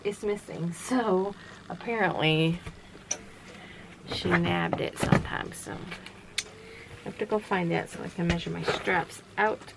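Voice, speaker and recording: In a lowish, gravelly voice, a tired woman speaks slowly with long pauses, rambling casually at home late at night. She's a vlogger with a small sewing business, chatting from her workroom with many fillers and restarts, and background noise is audible.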